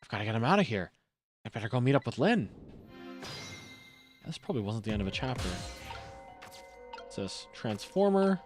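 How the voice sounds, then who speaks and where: A man's voice: on the low side, sing-song, fairly quick, pauses often, over music. A young man streaming a video game, reading the dialogue aloud and chatting with wry asides.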